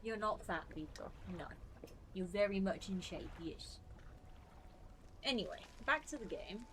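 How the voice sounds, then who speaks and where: At home in a room with a fan running, a chatty woman streams a game in an ordinary mid-pitched voice with lively intonation and an unhurried pace. She pauses to coax and coo at her dog before drifting back into casual chat, with a faint hum of room noise beneath her on a rough recording.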